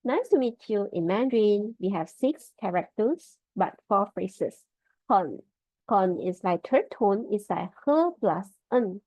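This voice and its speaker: Over a video call, a woman teaches Mandarin in an online language lesson, slowly and patiently drilling tones and repeating words. Her mid-range voice is animated. The audio is dry, dull and lo-fi.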